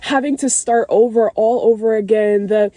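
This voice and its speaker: Young woman, candid faith vlog from a parked car; tearful and rambling, mellow tone, dry sound. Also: on the high side, fairly even intonation, moderate pace, no echo. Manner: rambling, tearful, with many fillers. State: crying at times. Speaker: vlogger.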